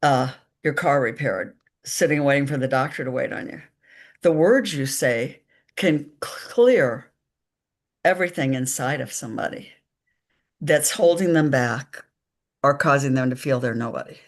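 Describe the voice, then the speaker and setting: A woman, a psychic medium guest, telling stories slowly and emphatically in a live conversation, acting out the dialogue. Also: a bass voice, animated. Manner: slow, emphatic storytelling with quoted dialogue.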